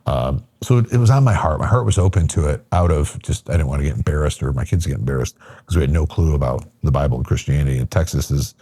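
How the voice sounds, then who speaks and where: A man's voice: extremely low pitch, fast, mellow, slightly rough, dry recording. A middle-aged man from Michigan, a podcast guest, telling a personal story casually with lots of fillers and acted-out quotes. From Michigan, USA.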